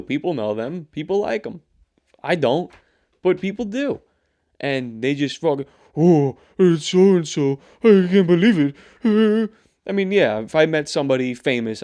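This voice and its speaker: Gravelly-voiced man ranting on his show. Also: a little high. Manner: rambling, profane, animated ranting. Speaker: show host. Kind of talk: casual solo commentary.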